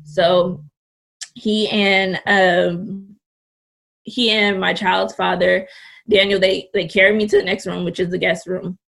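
Gravelly-voiced young woman telling a story. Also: medium pitch, little pitch movement, slow, fairly bright tone. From California Bay Area. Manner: candid and blunt, swears freely. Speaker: podcast guest. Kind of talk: casual storytelling.

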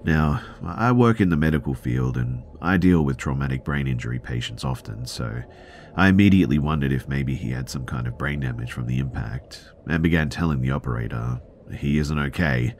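A man reading a true scary story aloud in first person as a podcast narrator, at a steady, plain pace. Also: extremely low pitch, fairly quick, a little hiss or hum.

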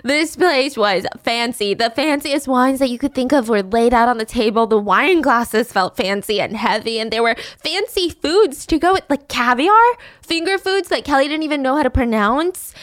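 Woman storyteller, animated, giggly, slightly high voice, dry close sound. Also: moderate pace, no echo. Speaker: podcast storyteller. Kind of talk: casual storytelling.

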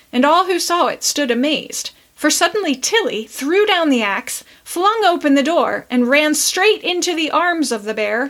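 Higher-voiced woman reading a story aloud. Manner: measured, expressive narration. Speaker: podcast host reading aloud.

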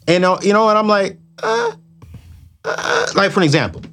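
A middle-aged man in relaxed conversation whose voice rises and falls in lively swings. He leans hard on his points and circles back to phrases to drive them home. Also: high-pitched, normal speed, gravelly. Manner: animated, emphatic, repeats himself for effect. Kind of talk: casual chat.

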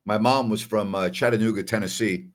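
A New York man hosts a solo basketball postgame livestream, casual and emphatic, repeating himself and saying "all right" a lot. His voice is lowish and fairly even, a little fast.

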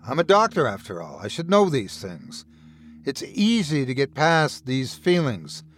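Narrator plays a sinister male doctor: slow, quiet, mocking, pitch that leaps around. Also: wildly swooping pitch, a little hiss or hum. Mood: menacing. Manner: taunting, slow and hushed.

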